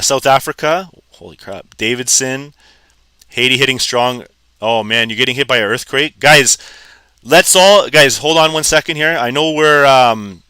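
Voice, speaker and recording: A Canadian man hosting a live trading stream, chatting casually and excitedly greeting viewers by name. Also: mid-range voice, no echo.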